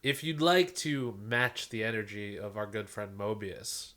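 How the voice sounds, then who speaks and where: A man's voice: on the low side, animated, unhurried, fairly bright tone. A man co-hosting a podcast in casual, playful chat, cracking jokes. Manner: playful, jokey. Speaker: podcast co-host.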